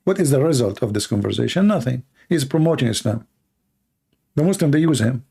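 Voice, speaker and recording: A man answers viewers' questions on a casual live stream. His voice is dark, gravelly and worn hoarse. He talks bluntly, with sarcasm and a run of rhetorical questions. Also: mid-range voice, lively intonation, fairly quick. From Middle East. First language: Arabic. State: hoarse, tired voice. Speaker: Christian apologist, host answering questions.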